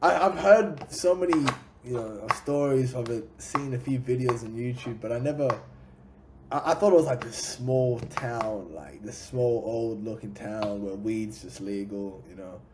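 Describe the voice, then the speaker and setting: A man's voice: medium pitch, measured pace, noisy background. A man with an Australian accent, a rapper chatting casually as a podcast guest and acting out his stories with lots of energy. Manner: animated storyteller, acts out what people said.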